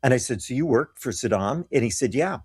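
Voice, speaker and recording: A man's voice: mid-range voice, animated, a little fast, breathy edge. A man talking as a guest, earnestly telling personal stories and acting out the voices of the people he quotes. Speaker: guest telling of mission trips. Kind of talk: animated personal storytelling.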